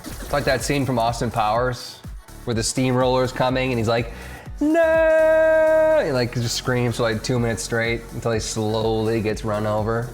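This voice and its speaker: A man's voice: medium pitch, little pitch movement, normal speed. A man streaming a game from home, casually chatting, joking and reading chat messages aloud. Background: game music.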